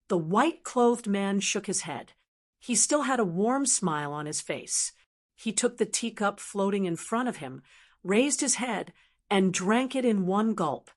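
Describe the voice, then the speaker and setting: A woman narrating a fantasy audiobook in a steady, even storytelling manner. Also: mid-range voice, measured pace. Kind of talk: scripted narration.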